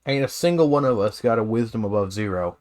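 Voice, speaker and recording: A man's voice: lowish voice, lively intonation, quick pace, a little mellow. Brief: easygoing man player, joking. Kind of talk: casual chat in a tabletop game.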